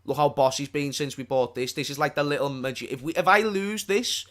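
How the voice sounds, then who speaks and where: A man's voice: on the high side, fairly quick, fairly bright tone. A man co-hosting a casual live stream from his own small studio, laid-back and slangy, swearing casually. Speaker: stream co-host.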